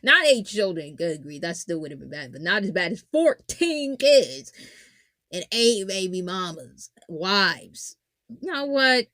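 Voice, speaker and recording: A woman hosting a casual anime analysis podcast, joking and animated, swinging from loud exclamations to low muttered asides. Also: unhurried, dry recording, clean studio sound. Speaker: podcast host.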